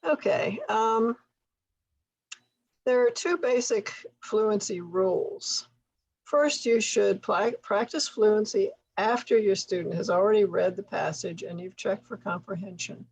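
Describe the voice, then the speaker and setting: A woman leading a tutor training workshop, explaining things patiently with occasional soft laughs. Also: mid-range voice, measured pace, breathy edge, rough recording. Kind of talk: workshop instruction.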